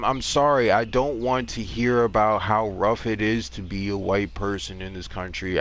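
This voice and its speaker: A man's voice: on the low side, fairly bright tone. A man in his thirties ranting bluntly and sarcastically during a casual gaming livestream, with plenty of profanity. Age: 30s.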